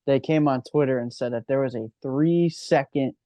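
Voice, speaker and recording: Excitable man, casual podcast co-host. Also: medium pitch, moderate pace, dry recording. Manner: enthusiastic, swearing, laughing. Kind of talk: casual racing chat.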